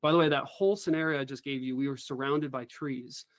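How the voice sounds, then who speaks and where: A man's voice: mid-range voice, fast, no room sound. Earnest man telling a story, dry sound. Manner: earnest, animated storytelling with acted quotes. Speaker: guest, former helicopter pilot. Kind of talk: interview storytelling.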